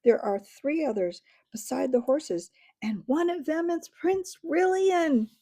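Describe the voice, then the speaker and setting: A woman voicing an excited young English schoolgirl, calling out in a shrill, urgent voice. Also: slow, no echo, studio quality. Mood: eager.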